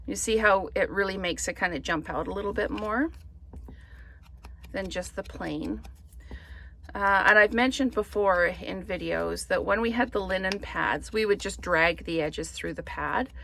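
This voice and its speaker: A woman's voice: lowish voice, creaky, fairly bright tone, slight background noise. A woman chatting through a card-making tutorial, thinking aloud as she works. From Canada. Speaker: papercraft demonstrator.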